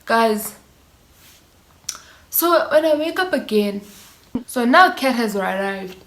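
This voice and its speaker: A woman's voice: on the high side, animated, takes it slowly, fairly bright tone, slight background noise. A young South African woman in her twenties telling a story to camera, casually and animatedly, mixing in Zulu slang. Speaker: vlogger. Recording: echoey room.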